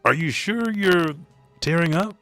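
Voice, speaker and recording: A man voicing a cheerful, scrappy eleven-year-old boy with an odd, drawn-out laugh. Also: a little high, pushed and bright, no echo, faint music behind, pitched above the performer's own voice. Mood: chirpy.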